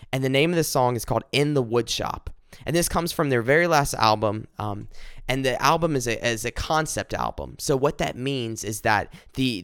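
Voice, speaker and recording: A man's voice: mid-range voice, clean tone, no echo, studio quality. A young man giving an earnest devotional talk, often repeating words and phrases for emphasis. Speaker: devotional speaker.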